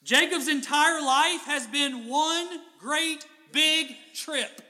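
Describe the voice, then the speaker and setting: Pastor guy preaching, high bright voice, lively, acts out the bible folks, echoey church hall. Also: slow pace. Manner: animated, acts out biblical figures in casual voices. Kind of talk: sermon.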